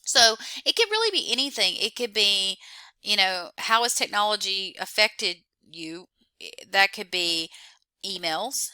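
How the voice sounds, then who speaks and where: Bright clear-voiced woman instructor. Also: mid-range voice, animated, a little slow, no room sound. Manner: explanatory, with frequent "you know" and "so". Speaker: college course instructor. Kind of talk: recorded online class meeting.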